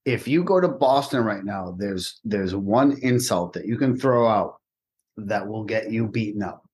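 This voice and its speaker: A man's voice: lowish voice, a little slow. A man from Massachusetts, a comedian guest, telling profane stories in casual podcast chat. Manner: animated storytelling, profane.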